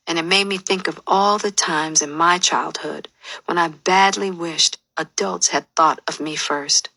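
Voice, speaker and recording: A woman with a low but bright, forceful voice reads her memoir aloud. She tells the story candidly and with open feeling. The close studio recording is completely dry. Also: no echo. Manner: candid, emotionally expressive storytelling. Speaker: memoir narrator. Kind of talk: audiobook memoir narration.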